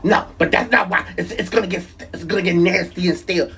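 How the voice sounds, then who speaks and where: A man's voice: sits high, steady tone, fast talker, gravelly, fairly bright tone, slightly rough, pitched above the performer's own voice, full character voice. A man voicing his stubborn wife with a New York accent, indignant and brushing him off. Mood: dismissive.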